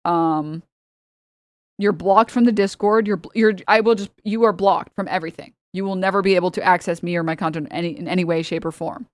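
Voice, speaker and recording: A woman's voice: fairly low pitch, fairly even intonation, fairly quick, dry recording. A young woman from the United States, a streamer giving heated, sarcastic political commentary and laughing between points.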